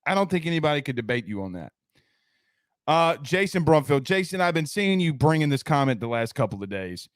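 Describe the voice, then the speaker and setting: A man's voice: a little high, sing-song, fairly quick, clean tone, no room sound, clean studio sound. A man hosting a casual live sports talk stream, loose and slangy, reading out viewer comments and an ad. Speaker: sports talk show host.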